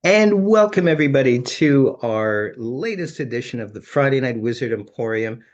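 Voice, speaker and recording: A man's voice: medium pitch, lively intonation, normal speed, muffled recording, soft background music. An older man hosting a live-streamed magic show, announcing acts in a showbiz style. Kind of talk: showman's host patter.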